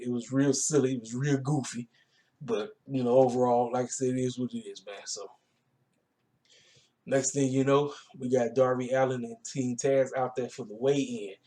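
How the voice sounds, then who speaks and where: A man's voice: mid-range voice, darkish tone. A man giving a casual, rambling recap of a wrestling show, talking. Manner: laid-back, colloquial, rambling with fillers.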